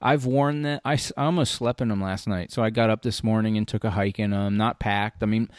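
A man's voice: lowish voice, steady tone, brisk, no echo, studio quality. A man hosting a casual talk show, talking animatedly and frankly and swearing freely. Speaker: podcast host. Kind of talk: casual hunting gear chat.

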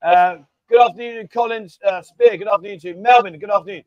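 Brief: quick, high-pitched man, stream host, lo-fi dull audio. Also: no echo. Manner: banters and teases viewers. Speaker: livestream host. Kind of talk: casual live chat.

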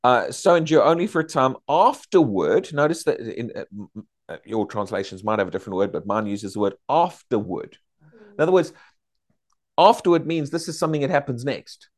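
A man teaching a Bible study, questioning his class and acting out excited believers. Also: mid-range voice, brisk.

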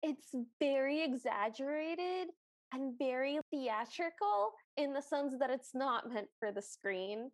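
High-voiced, unhurried woman podcaster. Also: expressive, dry recording. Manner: unhurried storytelling with giggles. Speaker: podcast co-host. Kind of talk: casual recap chat.

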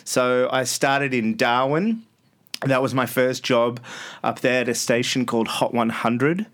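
A man's voice: mid-range voice, steady tone, unhurried, fairly bright tone. Australian man, thirties, radio host, rambling stories, laughs mid-sentence. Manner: rambling anecdotes with frequent laughing restarts. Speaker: radio host as podcast guest. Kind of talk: casual storytelling interview. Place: studio.

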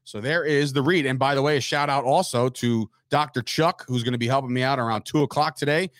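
A man's voice: mid-range voice, fairly bright tone, no room sound. A man hosting a sports talk show, joking and teasing his co-hosts in a studio. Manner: brash, joking, quick to tease. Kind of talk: casual sports radio chat.

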